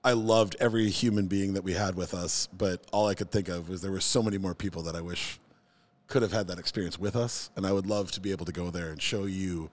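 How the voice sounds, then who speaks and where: A man in his forties telling a story in a relaxed, casual chat. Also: low voice, quick pace. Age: 40s.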